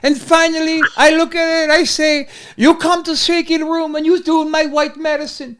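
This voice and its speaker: Brief: a man doing a gruff old pro wrestler, broken english, swearing, pitched way up. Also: little pitch movement, normal speed. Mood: ranting. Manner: loud, cursing, broken grammar.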